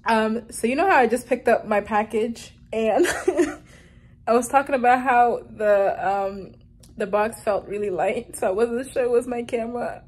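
A woman's voice: a little high, a little slow, slightly rough. A young woman talking to the camera at home in a casual, rambling vlog, often laughing at her own mishaps. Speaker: vlogger.

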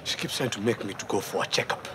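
An actor playing a shady trader who dodges questions with nervous laughs in a TV drama. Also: male voice, fairly low pitch, fast, background noise, close to an everyday voice. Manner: evasive and flustered, nervous laughs. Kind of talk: TV drama acting.

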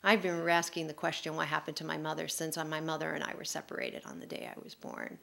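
A woman's voice: low-pitched, little pitch movement, vocal fry, pushed and bright. Woman telling a candid personal story. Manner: emotional, candid, quick-flowing storytelling. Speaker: author speaking at a public forum.

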